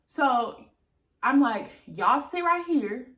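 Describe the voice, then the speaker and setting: Taking it slowly in a high voice, a young woman vlogger recounts an exasperated storytime from an echoey room. Her casual, animated retelling is full of acted-out quotes and swearing.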